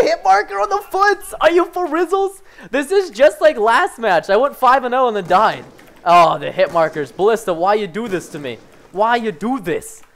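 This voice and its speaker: A young man giving excitable live commentary over his own gameplay, swinging between frustration and excited yelps. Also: high-pitched. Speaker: gaming commentator.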